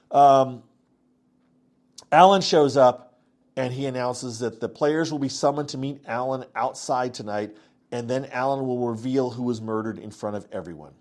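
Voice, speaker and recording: A man's voice: medium pitch, a little mellow. Rambling man recapping a reality show. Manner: rambling, many restarts and "um"s, acts out quotes. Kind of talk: casual recap commentary.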